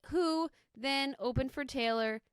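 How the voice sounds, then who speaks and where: A woman's voice: sits high, unhurried, smooth, no room sound, studio quality. A young woman co-hosting a podcast in casual chat, joking and saying "like" a lot. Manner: chatty, joking, heavy use of "like". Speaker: podcast co-host.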